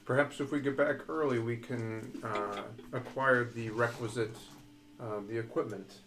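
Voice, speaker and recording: A man's voice: mid-range voice, fairly even intonation, a little slow, a bit bright, close to an everyday voice. A man voicing an earnest young warforged construct who speaks formally and precisely, with hesitations.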